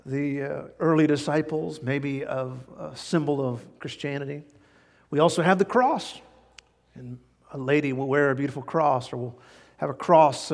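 A man preaching a sermon in an emphatic style that rises to animated outbursts. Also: a little high. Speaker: pastor. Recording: long church hall reverb.

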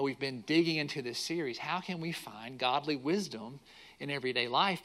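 Pastor, male, middle-aged, bright tone, lively sermon storytelling. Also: a little high. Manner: animated storyteller acting out quotes.

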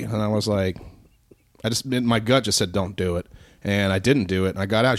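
Low, dry-miked male podcaster spinning a profane, rambling yarn. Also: a little fast, no echo. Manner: profane, rambling, mimics people in his stories. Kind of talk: casual storytelling.

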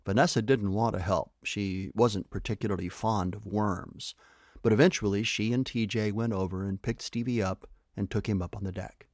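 A man with a low voice reads a children's story aloud, animated and lively in his storytelling. The sound is close and dry. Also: moderate pace, no room sound.

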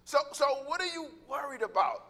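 A man preaching a sermon, animated and joking, acting out little voices and calling out to the congregation. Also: very high voice, fairly quick. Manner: animated, joking, acts out voices, laughs often; calls out to congregation.

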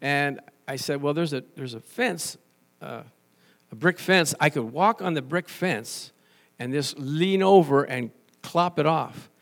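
A man with a slightly high-pitched voice delivers a sermon. He preaches in a conversational, animated way, weaving in stories and often restarting his sentences. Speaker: pastor.

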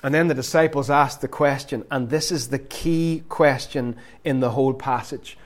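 A man preaching a sermon in a lively, conversational storytelling manner. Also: mid-range voice, moderate pace.

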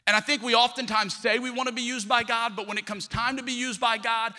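A man's voice: very high-pitched, quick pace, few pauses, sharp tone. A man, preaching a sermon as pastor and telling stories, acting out the voices he quotes. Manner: storytelling, acts out quoted voices. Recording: long hall reverb.

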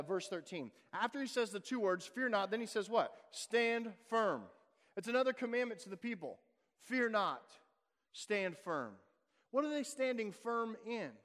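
Guy preaching a sermon, high voice, lots of punchy questions, big hall echo. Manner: emphatic preaching with rhetorical questions. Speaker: pastor. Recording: long hall reverb.

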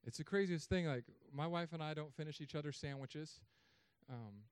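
Pastor in his thirties, animated storyteller, fairly high voice, dry close sound. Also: normal speed, clear, resonant tone, no room sound. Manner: animated storytelling with sudden loud, high bursts. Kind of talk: sermon.

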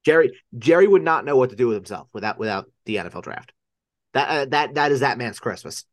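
Recorded dry and at studio quality, this fast-talking podcast co-host has a mid-range voice with lively intonation. Hailing from Long Island, New York, and speaking with that accent, he brings enthusiasm to a casual sports podcast, often stammering into repeats.

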